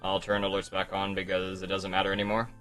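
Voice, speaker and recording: A young male streamer with a lowish, bright and forceful voice talks into a desk microphone in casual live-stream commentary. He rambles, swears and vents frustration at length. Faint music plays underneath. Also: monotone, quick pace. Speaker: speedrun streamer.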